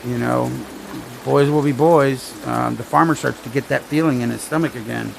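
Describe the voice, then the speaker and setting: A man's voice: mid-range voice, fairly even intonation, moderate pace, gravelly, background noise. A man telling rambling jokes with dry asides on a casual livestream while he watches a storm.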